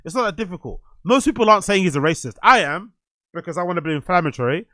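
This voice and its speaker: A man's voice: high voice, animated, quick pace, sharp tone, no echo. A man hosting a podcast, giving blunt, heated, profane reaction commentary on video clips.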